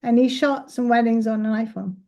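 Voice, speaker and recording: A woman's voice: on the high side, steady tone, a little fast, darkish tone. A professional photographer, a woman, giving a casual, enthusiastic talk and answering questions at an event. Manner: chatty, enthusiastic, laughs easily. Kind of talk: casual presentation and Q&A. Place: event space.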